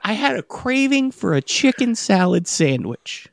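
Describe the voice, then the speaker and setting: A man co-hosting a podcast, telling a long comic story in a halting, rambling way that keeps circling back on itself. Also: high voice, sing-song, vocal fry, no room sound. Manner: rambling, halting, self-interrupting. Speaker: podcast co-host. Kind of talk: casual comedic storytelling.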